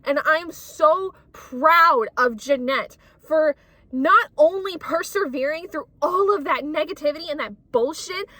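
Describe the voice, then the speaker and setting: A woman's voice: sits high, pushed and bright, no room sound. A woman book vlogger chatting casually while out running errands, ranting heatedly and swearing often. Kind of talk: casual vlog chat.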